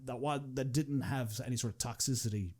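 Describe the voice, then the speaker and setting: A young man with an Irish accent talks quickly in a loose podcast chat. He rambles, restarts his sentences and swears casually. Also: mid-range voice, steady tone, a little mellow. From Ireland. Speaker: podcast guest, machinima creator.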